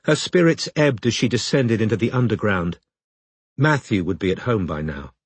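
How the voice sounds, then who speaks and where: A man reading a novel aloud as audiobook narrator, in steady, even storytelling. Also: on the low side, moderate pace, slightly rough, no room sound. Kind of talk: scripted narration.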